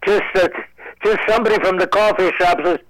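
A man's voice: sits high, fairly even intonation, brisk, dry recording, poor audio. A man in his nineties, a comedian guest calling in from home, rambling with stammered restarts and dry wisecracks. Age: 90s. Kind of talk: joking radio interview.

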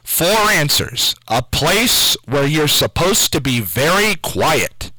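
Slow, lively radio quiz host man. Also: on the high side, no room sound, low-quality recording. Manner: slow and deliberate, spells names out letter by letter. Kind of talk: call-in radio quiz show. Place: radio station studio.

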